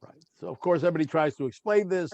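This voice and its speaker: A man's voice: on the high side, very fast, a little mellow, no room sound, lo-fi sound. A man teaching a Bible study class on a video call. He reads verses aloud in Hebrew, asks his students questions and prompts them to read. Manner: questioning, prompting readers, chatty asides.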